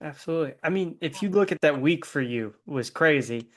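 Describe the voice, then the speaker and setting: A man's voice: fairly high pitch, expressive, fairly quick, fairly bright tone. A man hosting a wrestling podcast, asking questions in an easygoing way with many ums. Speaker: podcast host. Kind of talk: interview hosting.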